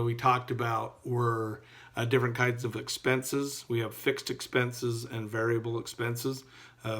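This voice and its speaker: A middle-aged male entrepreneurship teacher giving a recorded class update in a relaxed, folksy way with many fillers. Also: mid-range voice.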